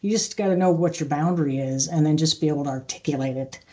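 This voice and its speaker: A middle-aged woman speaking as an interview guest, telling stories in a calm, measured way with frequent restarts. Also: deep voice. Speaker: podcast guest, aviation maintenance leader. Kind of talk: conversational interview.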